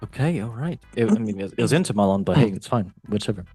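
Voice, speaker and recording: A man hosts a casual quiz show with a slightly husky, breathy voice. He talks in a playful, rambling way, full of jokey asides. Faint music plays in the background. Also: fairly low pitch, animated, fast talker, warm tone, dry recording. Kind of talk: casual podcast quiz hosting.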